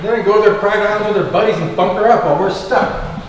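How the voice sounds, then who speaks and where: A man's voice: high-pitched, fast talker. A man, a congressional candidate, answering at a forum in an impassioned, fired-up way. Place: large echoey hall. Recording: echoey hall, voice from far off, faint noise.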